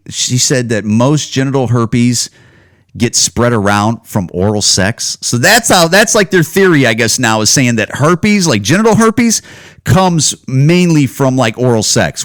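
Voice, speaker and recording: A podcast host with a mid-range, slightly bright voice rants casually on his solo show, swearing heavily and drifting into rambling asides.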